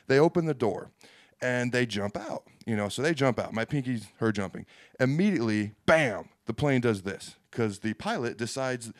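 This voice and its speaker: A man's voice: medium pitch, no room sound, clean studio sound. Rambling self-mocking man on a podcast. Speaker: football player and podcast co-host. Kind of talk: casual sports talk chat.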